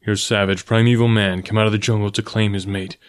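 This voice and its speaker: A man voicing a strong, fierce but tender jungle man in a storybook reading, low and firm. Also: flat delivery, quick pace, smooth, natural voice. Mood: earnest, fierce.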